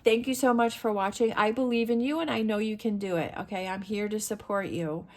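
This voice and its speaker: A woman's voice: medium pitch, fairly even intonation, fairly quick, a little mellow. A middle-aged woman reading tarot to camera, talking in an earnest, motivational way and repeating her phrases for emphasis. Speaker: tarot reader.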